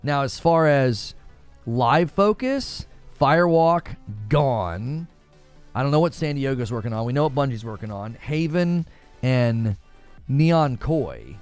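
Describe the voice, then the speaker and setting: A man's voice: medium pitch, slow, clear, resonant tone, faint music behind. A man hosting a casual gaming news live stream, talking straight to his chat and mimicking other people's voices. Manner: animated, talks to chat, mimics others in raised voice.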